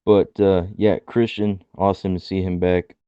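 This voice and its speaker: A man's voice: low voice, little pitch movement, moderate pace, smooth, no echo, dull audio. A young man co-hosting a podcast, giggling often and acting out quotes in silly voices. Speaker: podcast co-host. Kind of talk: casual chat.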